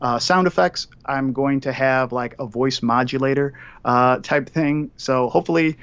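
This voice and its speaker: A man on a guest call-in, chatting casually and rambling through plenty of fillers. His pitch sits mid-range, and the line sounds dull and muffled. There is no room sound at all. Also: normal speed, fairly bright tone, clean tone, dry recording. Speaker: guest calling in. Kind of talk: casual chat.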